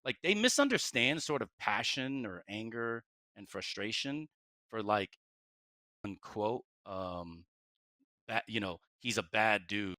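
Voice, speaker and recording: Blunt, bright-voiced man. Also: fairly low pitch, animated, a little slow, no room sound. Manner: blunt, direct, emphatic. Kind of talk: casual podcast chat.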